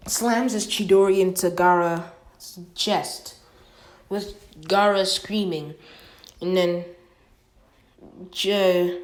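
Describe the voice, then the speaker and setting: A woman casually retelling a fan-made story, rambling with many restarts. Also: medium pitch.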